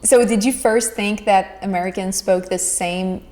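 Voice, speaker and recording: A woman's voice: medium pitch, steady tone, measured pace, warm tone. A woman hosting a podcast, asking a guest questions in a friendly, encouraging way. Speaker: podcast host. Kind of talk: conversational interview.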